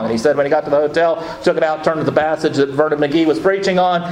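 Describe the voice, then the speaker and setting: A man preaching a sermon, telling stories with quick asides and slowing down for emphatic lines. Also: fairly high pitch, steady tone, a little mellow. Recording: echoey room with faint ambient noise.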